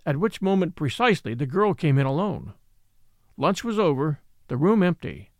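A man narrating a classic ghost story aloud in a dramatic, expressive reading. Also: a little high, normal speed, dry recording. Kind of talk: scripted audiobook narration.

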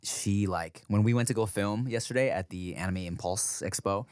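A man in his thirties, a podcast co-host, telling animated stories about his toddler in casual chat. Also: normal speed, clean tone, no room sound, studio quality. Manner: animated storyteller, acts out his toddler in a high voice.

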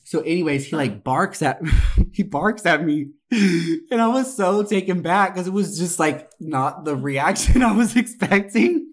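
A young adult podcast co-host telling a story in a casual, profane, animated way, swearing oaths for emphasis. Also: medium pitch, unhurried.

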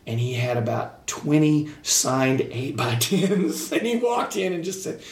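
A man telling stories in casual chat, rambling with halting restarts and laughing as he goes. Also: fairly high pitch, big pitch swings, roomy sound, recorded from a distance. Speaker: guest musician telling stories.

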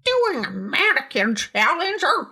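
A cranky old man squeaks out his grumbles in a thin, high, strained voice, as a woman puts him on. He sounds pinched and fed up, and the pitch jumps around. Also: very animated, measured pace, pushed and bright, heavily acted.

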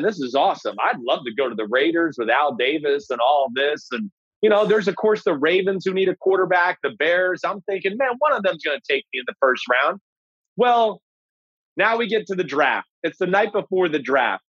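A man in his forties, a former pro quarterback, casually telling a draft story with animated, profane energy. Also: on the high side, normal speed, slightly rough, no echo, muffled recording. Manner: animated, profane, acts out quoted voices. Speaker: former NFL quarterback, podcast guest.

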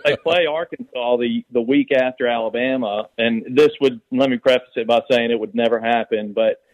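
A man calling in to a sports radio show, telling a joke in a rambling, halting way. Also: medium pitch, steady tone, no echo, low-quality recording. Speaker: caller. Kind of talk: casual call-in chat and joke telling.

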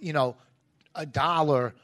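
Man, comedian guest, emphatic ranting, casual podcast chat, slightly high voice. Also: a little slow, a bit bright. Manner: emphatic, rants with repeated "listen".

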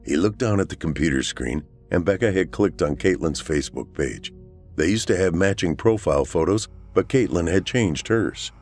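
A man with a low voice reads a scripted horror story aloud, his delivery climbing and growing intense at the tense moments. Faint music plays behind him. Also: animated, moderate pace, darkish tone. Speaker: narrator.

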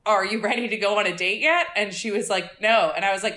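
A woman telling a story as a podcast guest in casual chat, animated and quick, often laughing. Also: mid-range voice, reverberant.

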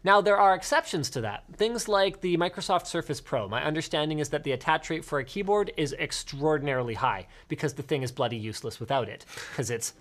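A male tech show host chats in a loose, rambling way, his pitch swinging up and down as he jumps between points. He corrects himself mid-sentence and piles on asides. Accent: Canadian. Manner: animated, rambling, quick asides and self-corrections. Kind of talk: casual chat.

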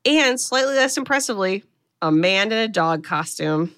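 A woman with a bright, clear voice, chatting casually as a podcast co-host. She walks through a film's plot in a chatty way, swears casually and quotes the characters with small shifts in her voice. Her pitch sits in the middle range. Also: lively intonation, normal speed. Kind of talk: casual chat, retelling a film plot.

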